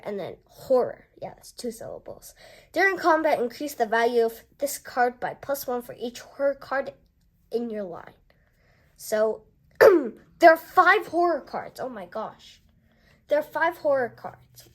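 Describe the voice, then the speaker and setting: A young woman casually unboxing a board game and reading its cards aloud, chatty and excited as she goes. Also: fairly high pitch. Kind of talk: casual unboxing and card review.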